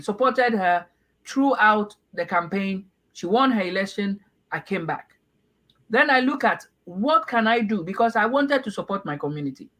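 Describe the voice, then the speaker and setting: A middle-aged Ghanaian man from Ghana, giving earnest, measured interview answers with frequent restarts. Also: high-pitched, a bit bright, poor audio. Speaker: party aspirant guest.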